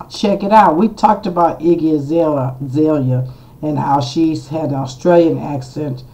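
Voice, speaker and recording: A blunt, chatty vlogger talks straight to the camera in a loose, unscripted way. The voice is mellow and dark in color, sitting at a middling pitch. The delivery wanders through fillers and frank asides. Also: rough recording. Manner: blunt and outspoken, with the odd curse. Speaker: vlogger doing astrology readings. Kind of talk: casual opinionated commentary to camera.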